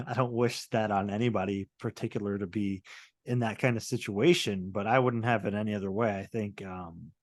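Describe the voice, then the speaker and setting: A man's voice: fairly low pitch, no room sound, clean studio sound. A man hosting a podcast interview, speaking in a hesitant way with many fillers. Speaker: podcast host. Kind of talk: casual interview talk.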